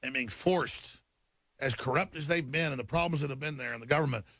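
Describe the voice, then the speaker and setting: A man's voice: mid-range voice, a little fast, fairly bright tone, dry recording. A man hosting a talk show, ranting emphatically through news headlines and stumbling over repeated words. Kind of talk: talk radio monologue reading headlines.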